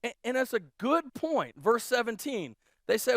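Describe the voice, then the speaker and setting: Pastor, male, higher than usual pitch, dry close sound; relaxed storytelling sermon full of restarts. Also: moderate pace, dry recording. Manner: casual, animated storytelling with many restarts. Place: church auditorium.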